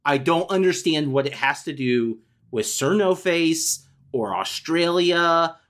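Male co-host, exasperated rant, lively pitch swings, swears. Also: slow. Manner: exasperated, incredulous, profane. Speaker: podcast co-host. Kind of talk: casual chat reviewing a documentary.

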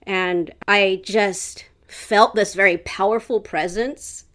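A woman's voice: medium pitch, fairly even intonation, slow pace, fairly bright tone. A young woman who works as a spirit medium, telling her story as an interview guest in a candid, casual way, swearing freely with lots of fillers.

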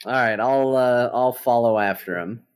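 A man's voice: medium pitch, normal speed, clean tone. A man playing in a tabletop game, blunt and impatient in the way he talks. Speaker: player. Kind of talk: casual tabletop role-play.

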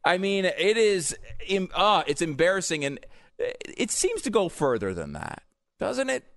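A man's voice: high voice, sing-song, measured pace, fairly bright tone, no room sound, clean studio sound. A male co-host on a talk show, ranting with emphatic indignation. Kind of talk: comedic talk show banter.

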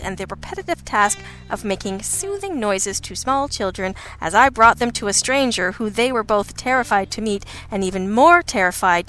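Woman, audiobook narrator, first-person reading, wry, sardonic, bright voice, faint background music. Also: medium pitch.

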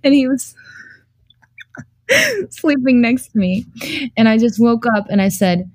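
A young adult woman telling anecdotes in a casual chat, animated and giggly, peppering her speech with "like" and the odd swear word. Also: fairly high pitch, unhurried, pauses often, dry recording. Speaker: guest storyteller.

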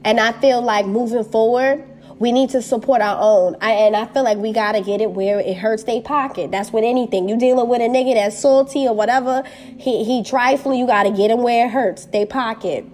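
A woman's voice: fairly high pitch, fairly quick, darkish tone. A woman on a personal video, angrily and bluntly speaking her mind, swearing often and repeating short phrases, upset and hurt. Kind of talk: impassioned personal rant to camera.

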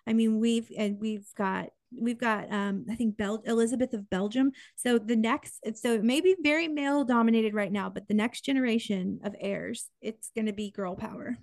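A woman's voice: fairly high pitch, fairly even intonation, moderate pace, creaky, hardly any pauses, a little mellow, no echo, studio quality. A woman co-hosting a podcast, chatting casually about royal news with lots of restarts and asides. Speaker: podcast co-host.

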